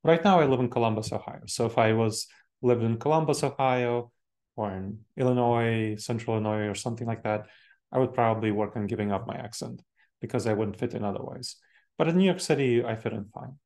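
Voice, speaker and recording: A man's voice: medium pitch, brisk, creaky, a little mellow. Man in his forties with a Moldovan accent. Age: 40s. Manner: explanatory, repeats key points, frequent self-corrections. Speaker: speaker. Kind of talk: presentation talk.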